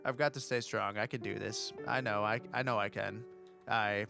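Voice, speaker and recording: A man's voice: fairly low pitch, fairly even intonation, normal speed, gravelly, pushed and bright, soft background music. Man reading game text mock-dramatically. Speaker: let's play host.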